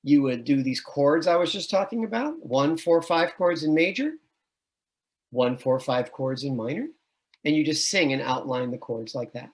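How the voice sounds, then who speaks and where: A middle-aged man gives an admissions webinar as a music education professor. His voice sits a little high for a man, and he explains patiently, breaking into sung and chanted syllables to demonstrate. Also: lively intonation, normal speed. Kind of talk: online admissions webinar presentation.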